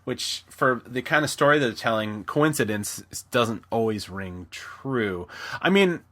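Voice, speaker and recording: A man co-hosts a podcast in easy, casual chat. His voice is bright and clear, and he rambles with frequent restarts, now and then slipping into a quick impression. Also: mid-range voice, lively intonation. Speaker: podcast co-host.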